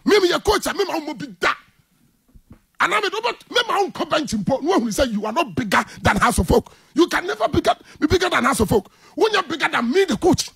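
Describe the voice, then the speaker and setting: A man's voice: extremely high pitch, sing-song, a little fast, vocal fry, a bit bright. A man with a Ghanaian accent, a football coach speaking indignantly in a heated interview, mixing English and Twi.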